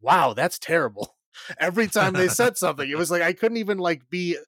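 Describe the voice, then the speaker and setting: A man's voice: sits high, fast, a bit bright, dry recording. A man co-hosting a podcast, chatting casually about a film in a rambling, exasperated way, with plenty of fillers and restarts. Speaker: podcast co-host. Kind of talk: casual film review chat.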